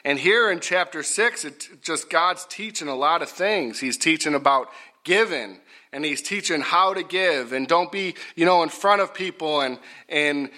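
Middle-aged guy preaching, folksy, keeps repeating himself, bright sharp voice that goes loud. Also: a little high, moderate pace. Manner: folksy, repetitive, rising to loud emphatic bursts. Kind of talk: sermon.

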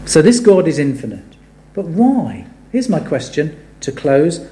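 A man preaching a sermon, animated and building to emphatic rhetorical questions. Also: fairly high pitch, a little slow. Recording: echoey room.

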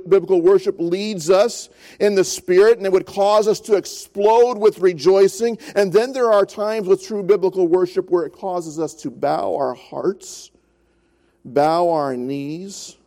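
A man in his fifties preaching a sermon as pastor, earnest, rising in force and then dropping to a soft, slow hush. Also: high voice. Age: 50s.

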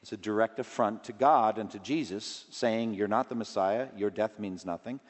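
A man preaching a sermon in an earnest way, his voice rising in pitch and force when he stresses a point. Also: moderate pace, in a large hall.

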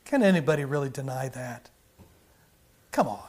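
A man's voice: medium pitch, expressive, moderate pace, darkish tone. A man preaching a sermon, driving his points with emphatic repetition and rhetorical questions.

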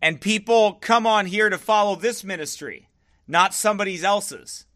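On a livestream, a pastor with a high, bright voice and forceful tone talks at a moderate pace. He responds to viewers' comments in a firm, defensive way, saying things more than once to drive them home.

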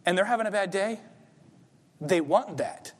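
Pastor, male, higher voice, chatty preaching that swells to emphatic points, reverberant sanctuary. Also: moderate pace. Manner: conversational preaching, rising to emphatic peaks. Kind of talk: sermon. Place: church sanctuary.

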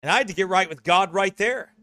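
A man delivers a conversational sermon in an earnest, personal tone. His voice sits a touch high for a man. The recording is dry and close, with no room sound. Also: a little fast, pushed and bright, no echo. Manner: conversational, earnest, self-correcting. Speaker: preacher.

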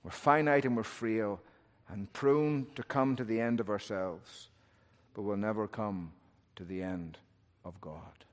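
A man preaching a sermon, moving between loud, urgent peaks and hushed, low phrases. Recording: long hall reverb.

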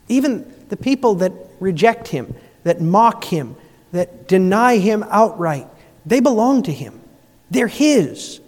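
Male pastor, high voice, sermon delivery with soft lows and emphatic climbs, long hall reverb. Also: sing-song, slow. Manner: swings between soft, low passages and rising, emphatic appeals.

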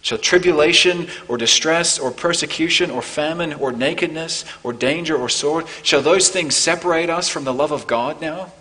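A man preaching a sermon as pastor, earnest, building to emphatic peaks and then softening. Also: fairly high pitch, normal speed, few pauses, big-room sound, poor audio. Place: church.

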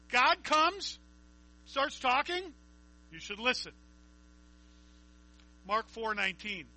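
A man's voice: very high-pitched, big pitch swings, slow pace, pauses often, sharp tone, poor audio. A man preaching a conversational Bible teaching, reading scripture aloud and asking his listeners questions.

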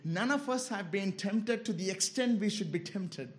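A man preaches with great passion at a moderate pace, swinging from loud, high exclamations to low, quiet asides and often telling listeners to listen carefully.

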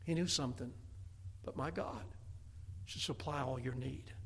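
A man preaching a sermon, telling Bible stories with animated acted-out voices, swinging from loud peaks to hushed low tones. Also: normal speed, gravelly, slight background noise.

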